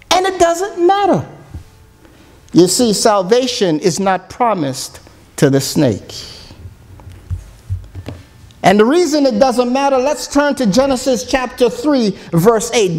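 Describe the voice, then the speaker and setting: A man preaching a sermon as a church elder, earnest and reasoning aloud. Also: very high-pitched.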